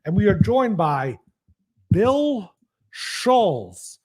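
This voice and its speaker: A man co-hosting a casual podcast, introducing the guest with a laid-back, drawn-out delivery. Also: high voice, sing-song, a little mellow. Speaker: podcast co-host.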